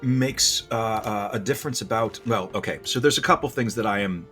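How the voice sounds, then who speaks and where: A man's voice: lowish voice, moderate pace, bright, forceful tone, breathy edge, faint music behind. A man giving casual, rambling gameplay commentary, self-deprecating and restarting his sentences often.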